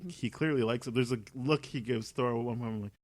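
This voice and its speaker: Man, film podcast co-host, relaxed casual chat, quotes movie lines, dry close sound. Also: mid-range voice, fast, no room sound.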